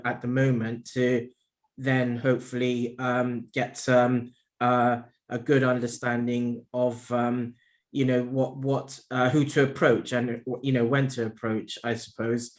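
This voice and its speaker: A man interviewing a guest, hesitant with many ums and restarts. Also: mid-range voice. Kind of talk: casual interview conversation.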